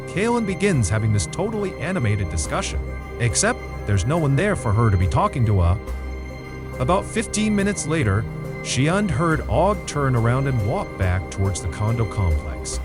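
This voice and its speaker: A man hosting a true crime podcast, telling the story in a casual, animated way and acting out the quoted voices. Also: medium pitch. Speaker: podcast host.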